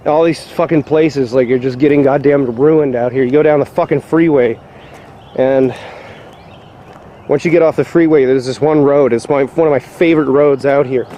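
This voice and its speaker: A man's voice: medium pitch, steady tone, moderate pace, dark tone, slight background noise. A man vlogging on a walk outdoors along a rural trail, ranting and swearing in exasperation. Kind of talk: walk-and-talk vlog rant.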